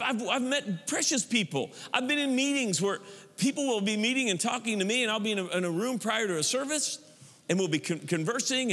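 High-voiced pastor preaching in an echoing hall. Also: male voice. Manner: animated preaching, mocking churchy prayer voices. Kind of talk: sermon.

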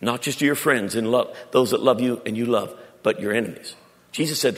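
A man preaching a sermon as pastor, animated, with stammered restarts and sudden loud climbs in pitch. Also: fairly quick. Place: church auditorium. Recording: long reverb of a large hall.

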